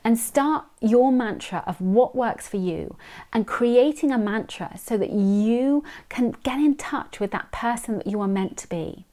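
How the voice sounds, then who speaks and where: A woman's voice: a little high, takes it slowly, warm tone. A woman giving an earnest, encouraging motivational talk, coaching the listener and repeating key phrases.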